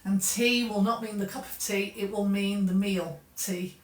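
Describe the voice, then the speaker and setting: A woman with a Southern English accent teaching an exam practice lesson, explaining clearly and patiently. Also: medium pitch, fairly even intonation, moderate pace, recorded from a distance. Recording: echoey room, voice a bit off-mic.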